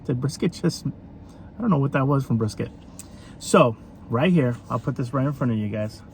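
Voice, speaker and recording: A man talks his way through a casual food review, rambling and chatty with plenty of ums and uhs. His voice sits at an ordinary middle pitch. Faint vehicle noise hums behind him. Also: expressive, normal speed, a little mellow. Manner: chatty, rambling, with many fillers.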